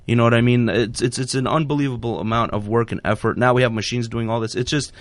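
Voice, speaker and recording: A man's voice: medium pitch, steady tone, fast, no room sound. A man hosting a radio show, chatting casually and rambling with lots of fillers and restarts. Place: radio studio. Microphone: studio microphone.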